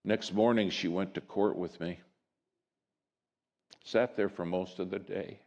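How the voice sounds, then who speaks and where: Male preacher, low voice, storytelling sermon, folksy, dramatic hush and lift, muffled lo-fi recording. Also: unhurried. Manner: dramatic storytelling with sudden soft drops and lively rises; folksy and conversational.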